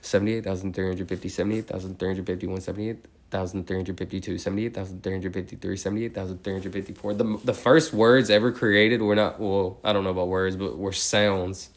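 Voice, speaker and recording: A young man steadily counting numbers out loud, breaking off now and then to ramble casually. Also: low voice. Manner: steady rapid number recitation, rambling slangy tangents. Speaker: streamer counting aloud. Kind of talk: monotone counting with casual asides.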